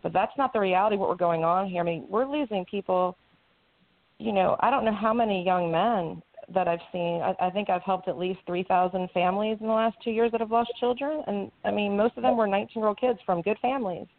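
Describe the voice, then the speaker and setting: Gravelly woman on a dry phone line. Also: medium pitch, no echo. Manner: quick, with frequent restarts. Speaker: addiction support advocate. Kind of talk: talk show discussion.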